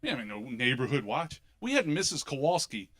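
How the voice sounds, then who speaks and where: A middle-aged man from Philadelphia with a Philly accent, doing an animated, punchy stand-up comedy set on a club stage. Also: mid-range voice, a little fast. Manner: animated, punchy delivery with sudden loud bursts.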